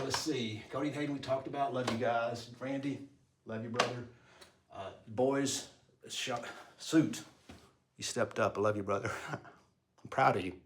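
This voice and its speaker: A man's voice: medium pitch, slight background noise. A middle-aged man who owns a construction company, talking earnestly and with feeling to his workers in a casual, unscripted way full of fillers and restarts. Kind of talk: casual talk to the crew, filmed by himself.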